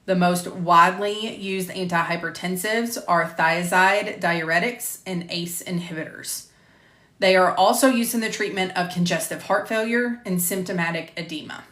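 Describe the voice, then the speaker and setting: A woman instructor reading lecture material on drugs at a measured pace, stopping to correct herself and chat. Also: fairly low pitch, fairly bright tone, reverberant. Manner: measured, careful reading of drug terms, self-correcting. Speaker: medical coding instructor. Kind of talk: recording lecture narration, with casual asides. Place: home room with door closed.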